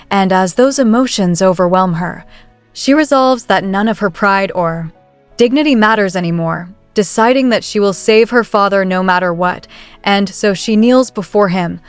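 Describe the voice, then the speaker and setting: A woman's voice: medium pitch, no echo. A woman narrating a story recap in a scripted style, reading the characters' dialogue in her own voice. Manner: reads every character's lines in her own voice.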